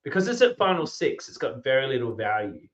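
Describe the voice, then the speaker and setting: A man hosting a casual podcast chat, enthusiastic and quick to restart his sentences. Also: medium pitch, very animated, highs cut off. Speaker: podcast host.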